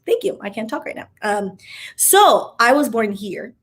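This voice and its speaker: A woman's voice: a little high, sing-song, unhurried, slightly rough. Chatty, sassy young woman vlogger. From Miami, USA. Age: young adult. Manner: chatty and sassy, with wry asides. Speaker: vlogger answering viewer questions. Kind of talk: casual Q&A chat.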